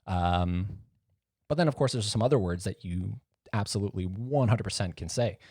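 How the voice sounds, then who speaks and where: Into a close mic with no echo, a podcast host delivers a casual solo monologue in a lowish, slightly mellow, husky voice at a moderate pace, rambling along in a jokey, self-mocking way.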